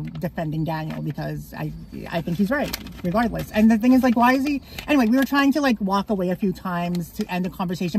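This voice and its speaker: A woman's voice: medium pitch, a little hiss or hum. A young woman chatting casually, laughing easily and using many fillers. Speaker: co-host partner. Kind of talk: casual storytime chat.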